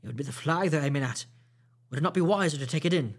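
A man voicing a proper, anxious gentleman squire in an audiobook reading, asking politely and fretfully. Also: on the high side, quick pace.

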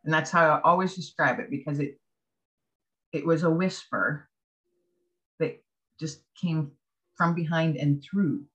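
A woman's voice: low voice, a little slow, pauses often, fairly bright tone, lo-fi sound. A woman as an interview guest, telling her personal faith testimony earnestly and acting out her own past thoughts as she goes.

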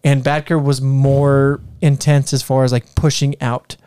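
Dark-toned, dry podcast host. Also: male voice, mid-range voice, a little slow, clear, resonant tone, no echo. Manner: relaxed, retells history from notes with fillers and laughs. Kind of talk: casual history podcast chat.

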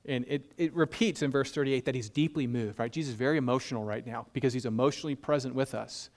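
A man's voice: medium pitch, quick pace, darkish tone. A man preaching a sermon in a conversational, humorous way, asking his listeners rhetorical questions. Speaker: pastor.

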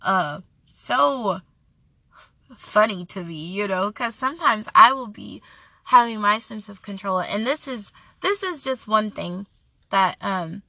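A woman's voice: mid-range voice, lively intonation, slow pace, gravelly, pushed and bright, dry recording. A young woman hosting a devotional podcast, reading Bible verses and sharing an earnest, chatty personal testimony. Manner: earnest, chatty, self-correcting.

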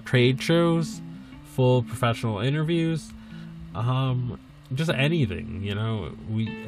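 A man hosting a podcast, talking casually and rambling with frequent ums and restarts. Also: mid-range voice. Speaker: podcast host.

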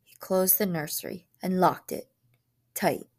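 A woman narrating a short story aloud in a calm, measured way. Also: lowish voice, creaky. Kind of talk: storybook reading.

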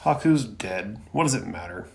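A man voicing a cold, ruthless adult male ninja from an anime, reading his lines flatly. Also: fairly low pitch, normal speed, gravelly. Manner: cold and flat.

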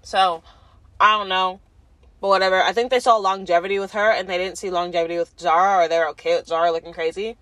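A woman's voice: lowish voice, fairly even intonation, fast, a bit bright, no room sound. A young woman casually recapping a reality show, chatty and full of fillers, acting out what people said. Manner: chatty, filler-heavy, acts out quotes.

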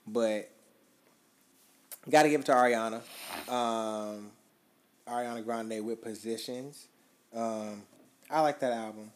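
Brief: male podcast co-host, relaxed slangy music chat, loose and unpolished. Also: mid-range voice, slow pace, long pauses. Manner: laid-back slangy talk, swears freely. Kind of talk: casual chat about music.

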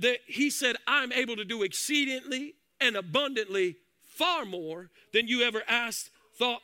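A man preaching a fiery sermon from a church platform, shouting and half-singing his phrases. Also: very high voice, dry recording. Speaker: pastor. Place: church sanctuary.

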